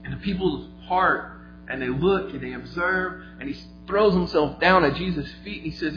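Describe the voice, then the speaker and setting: A man preaching a sermon, retelling a story vividly, moving between quiet and emphatic delivery. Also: a little high, moderate pace. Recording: echoey, slightly dull, faint music.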